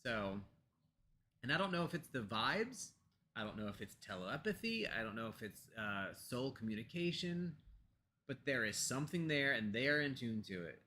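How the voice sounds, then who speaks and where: A bright, clear-voiced American man rambles through a casual home chat, full of fillers and restarts. His voice comes through a computer mic with a faint hiss behind it. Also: mid-range voice, sing-song, normal speed. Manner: talks softly to pets off to the side. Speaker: co-host of a pagan discussion show.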